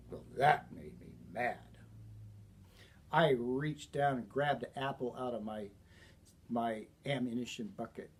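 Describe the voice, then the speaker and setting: Slow husky male storyteller. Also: medium pitch. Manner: unhurried folksy storytelling, clears throat often. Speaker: author telling a childhood story. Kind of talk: personal storytelling.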